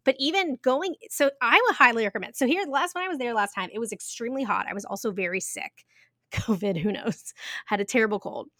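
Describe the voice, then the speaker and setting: A woman's voice: on the high side, fast talker, a bit bright, no room sound, clean studio sound. A woman in her thirties chatting casually as a podcast co-host, giggly and full of fillers. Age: 30s. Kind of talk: casual chat.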